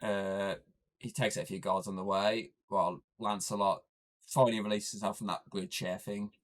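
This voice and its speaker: A man's voice: fairly low pitch, flat delivery, normal speed. A man hosting a podcast, recapping a film in casual chat and rambling with lots of fillers. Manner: rambling, heavy use of "obviously" and "like". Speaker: podcast host.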